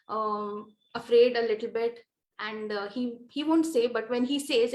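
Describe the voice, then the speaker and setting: A woman with an Indian English accent giving a lecture on presentation skills, explaining in a measured way with frequent fillers. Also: on the high side, roomy sound.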